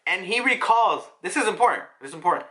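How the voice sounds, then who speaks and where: A man casually reviewing a manga chapter, chatty and excitable, laughing often as he talks. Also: sits high, fast.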